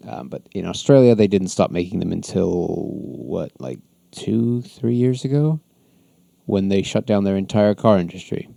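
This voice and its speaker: A man hosts a podcast, talking through an episode in a loose, rambling recap. His voice is low, gravelly and warm, with frequent ums and soft chuckles. The sound is dry and close to the mic. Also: animated, a little slow, no echo. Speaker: podcast host.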